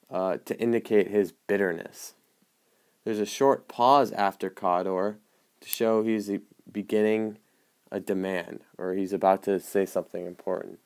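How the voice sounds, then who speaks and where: A man explaining the marks on an annotated play script, in a measured way with frequent hesitant ums. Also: lowish voice, a little mellow, smooth. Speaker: student presenter.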